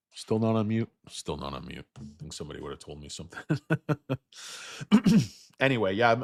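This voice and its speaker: A man with an extremely low voice, hoarse and fading as he comes down with something. He hosts a loose stock livestream in crude, rambling chatter aimed at his viewers. The sound is dry and close, with no room echo. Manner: rambling, crude, joking asides. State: losing his voice, feeling sick. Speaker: stock market livestream host. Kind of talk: casual livestream chat with viewers.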